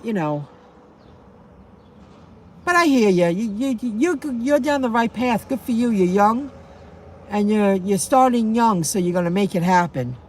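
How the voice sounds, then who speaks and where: A woman's voice: mid-range voice, lively intonation, unhurried, long pauses, darkish tone. Middle-aged lady rambling into her phone in a parked car, faint traffic outside, repeats herself a lot. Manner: rambling, repeats phrases, answers viewer chat. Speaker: delivery driver live streamer. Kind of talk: casual live-stream chat.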